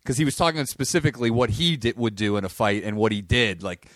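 A man's voice: medium pitch, fast talker, fairly bright tone, no room sound. A man guesting on a podcast as a comedian, chiming in with a laid-back way of talking. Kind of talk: casual chat.

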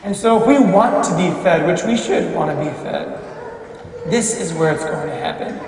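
High-voiced priest in a reverberant church. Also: male voice, expressive, moderate pace, a little mellow, slight background noise. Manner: emphatic, rhetorical questioning. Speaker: Catholic priest. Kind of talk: homily at Mass. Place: large church. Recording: echoey church hall from far off.

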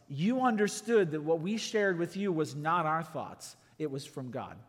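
A pastor giving a conversational sermon, full of rhetorical questions and acted-out quotes. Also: male voice, sits high, in a large hall.

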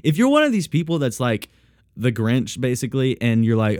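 In a casual solo podcast, a man with a mid-range, a little mellow voice talks fast with big swings in pitch. He's congested and sniffly from a sinus cold that deepens his voice, and he rambles, jokes and laughs at himself. The clean studio recording is dry.

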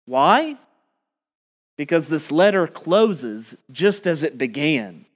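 High-voiced emphatic male preacher. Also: big pitch swings. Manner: emphatic, rising on key words and slowing for stress. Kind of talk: expository sermon.

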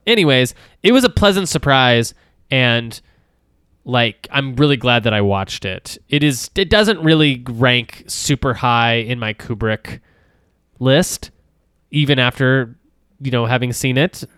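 A man chats loosely about films as a podcast co-host, trailing off and restarting with plenty of fillers. His voice is smooth and clear at a middling pitch. The sound is dry and close, with no room echo. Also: lively intonation, a little slow, fairly bright tone. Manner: rambling, many fillers and restarts, laughs often, swears casually. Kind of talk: casual film discussion.

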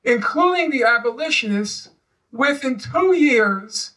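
A man's voice: very high-pitched, expressive, a little slow, sharp tone, distant mic, poor audio. A man, a historian and guest speaker, talking in a live public discussion in an emphatic, storytelling way. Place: live event venue.

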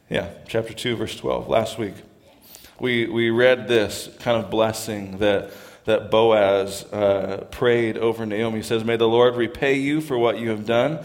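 A man's voice: on the low side, steady tone, slow. A male pastor giving a sermon in a conversational style, trying out different ways of saying lines as he reads them aloud. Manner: conversational, tries out voices when reading lines aloud. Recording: long reverb of a large hall.

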